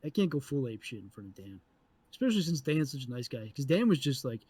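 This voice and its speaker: A man co-hosting a podcast, telling a story in an animated, profane way and acting out the people in it. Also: mid-range voice, fast, slightly rough, dry recording. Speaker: podcast co-host. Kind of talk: casual storytelling chat.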